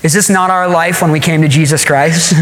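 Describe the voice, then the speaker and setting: Male pastor, high voice, animated sermon delivery, roomy church acoustics. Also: normal speed. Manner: animated preaching, acting out scripture with rising pitch, chuckles often.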